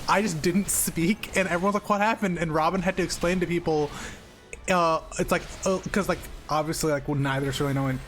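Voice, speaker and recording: A man streaming games, chatting casually with friends on a call, loud and animated, swearing freely. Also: on the high side, a little hiss or hum. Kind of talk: casual chat while gaming.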